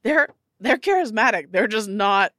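A woman's voice: mid-range voice, lively intonation, normal speed, a bit bright, no room sound, studio quality. A woman narrating a tabletop game as game master in a casual, descriptive way. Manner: casual, descriptive, many fillers.

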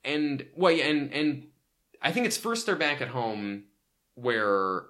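Bright-voiced jokey man. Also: medium pitch, very animated, slow. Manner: jokey, riffing, acts out scenes. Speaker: podcast co-host. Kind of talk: casual chat recapping a sitcom.

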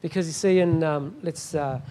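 A man's voice: a little high, fairly even intonation, normal speed, warm tone. A middle-aged man preaching a sermon as a guest pastor, emphatic and often asking the congregation "Amen?".

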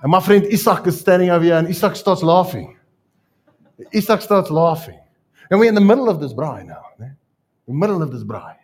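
South african guy preaching, joking around in his stories, voice a bit on the high side. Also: fairly quick, husky. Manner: storytelling, joking, animated asides. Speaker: pastor. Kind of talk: sermon.

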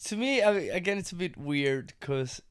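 A man's voice: sits high, normal speed, clean tone. A man from Spain whose first language is Spanish, a wrestler chatting casually in English with an accent that blends Spanish, British and American sounds, rambling and laughing. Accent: Spanish mixed with British and American. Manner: rambling, animated, laughs often. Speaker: professional wrestler. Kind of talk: casual chat.

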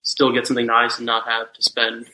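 A man's voice: medium pitch, a little fast, rough recording. A young man in his twenties from Texas, a podcast guest telling rambling casual stories full of fillers. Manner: relaxed, rambling storytelling with many fillers. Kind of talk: casual chat.

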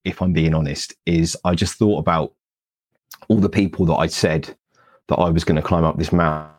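Pria Inggris bersuara rendah, cerita bersemangat. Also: male voice, extremely low pitch, normal speed. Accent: British English. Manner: animated, self-deprecating storyteller, acts out dialogue. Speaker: guest speaker, Paralympian. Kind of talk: conversational storytelling interview.

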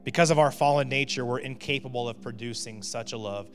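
A man's voice: mid-range voice, brisk. A male pastor giving a sermon in a conversational way, often checking in with "right?" and building to emphatic peaks. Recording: long reverb of a hall with faint music.

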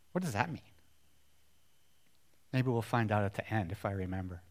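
A male preacher giving a conversational sermon, often asking the congregation questions and dropping from loud passages to hushed ones. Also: lowish voice, expressive, a little fast, pauses often.

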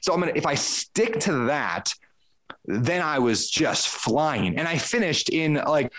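A man's voice: on the high side, big pitch swings, measured pace, a bit bright. A man, a podcast guest, telling a casual story in conversation, acting out his own thoughts with frequent restarts.

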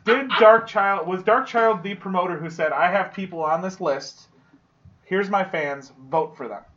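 A teasing man with a high voice who asks pointed questions. He talks in casual chat, and his voice sounds a little dull and lo-fi. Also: normal speed. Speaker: podcast guest.

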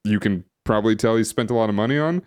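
Fast-talking and fairly low-pitched, this man has a darkish tone. He co-hosts a casual podcast, rambling along with plenty of fillers and restarts, captured on a streaming setup microphone.

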